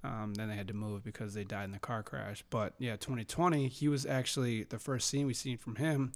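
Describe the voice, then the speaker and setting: A man's voice: mid-range voice, a little fast. Easygoing man retelling movie scenes. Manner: relaxed, filler-heavy, retelling scenes. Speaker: podcast co-host. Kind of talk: casual chat about films.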